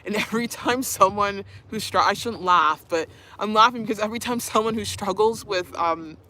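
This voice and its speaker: A woman's voice: medium pitch, moderate pace, pushed and bright, slight background noise. A young woman streaming live, chatting casually, reading viewer comments, laughing often and cooing to her dog. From Canada.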